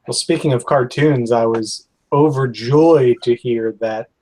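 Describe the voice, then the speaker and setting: A man chatting casually about cartoon news in a relaxed, tentative way, often hedging what he says. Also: medium pitch, measured pace, low-quality recording. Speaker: cartoonist in a drawing group. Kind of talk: casual chat.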